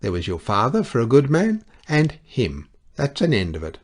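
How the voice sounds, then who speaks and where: A man voicing a firm, blunt older English gentlewoman who speaks with emphatic decisiveness in an audiobook reading. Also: mid-range voice, huge pitch swings, moderate pace, pitched above the performer's own voice.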